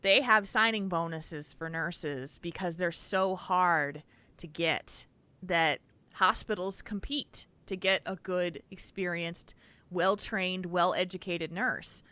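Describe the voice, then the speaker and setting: A woman's voice: on the low side, slow, sharp tone, smooth, no echo. A woman co-hosting a podcast, giving earnest, chatty advice in a casual way. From Wisconsin, US. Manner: earnest, advice-giving, with frequent you-knows. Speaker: podcast co-host.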